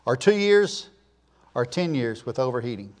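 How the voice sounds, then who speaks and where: A man preaching a sermon, emphatic, snapping between loud punchy words and quiet asides, using call-and-answer lists. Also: mid-range voice, sing-song, moderate pace. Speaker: pastor.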